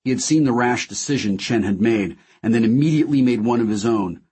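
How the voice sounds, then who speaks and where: Husky male audiobook narrator. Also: mid-range voice, fairly quick, warm tone. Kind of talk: scripted first-person narration.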